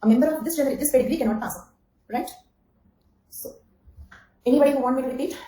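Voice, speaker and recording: An anthropology teacher delivers an online exam-coaching lecture, repeating key phrases, checking in with "okay?" and calling on students by name. Her voice is high and dark-toned, she speaks fast, and the audio is reverberant and poor.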